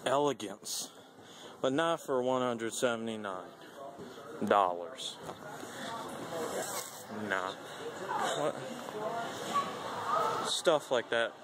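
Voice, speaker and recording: A man's voice: medium pitch, drawn-out words, pauses often, crowd noise. A man vlogging with playful, joking commentary while walking through a big retail store. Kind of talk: goofy vlog banter. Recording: noisy store ambience.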